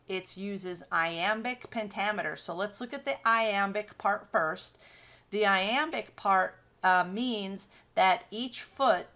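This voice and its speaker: A woman teacher giving a casual classroom lecture, explaining step by step with fillers and quick self-corrections. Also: mid-range voice, fairly bright tone.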